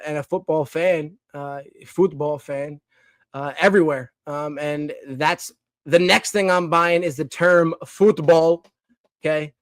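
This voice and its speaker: A young man from the Philadelphia area hosting a casual podcast segment, talking in a rambling, animated way full of restarts and fillers. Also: a little high, dry recording. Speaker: podcast host.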